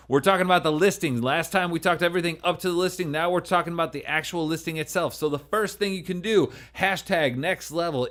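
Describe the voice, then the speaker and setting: An upbeat man co-hosting a podcast, walking through his points step by step. His voice sits in a middle pitch and he talks in a relaxed, chatty way. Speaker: podcast co-host. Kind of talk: casual podcast chat.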